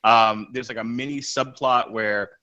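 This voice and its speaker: A man with a bright, ringing voice talks comics on a podcast. He rambles casually and restarts his sentences often, his pitch sitting in the middle. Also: fairly even intonation, measured pace, dull audio. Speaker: podcast co-host.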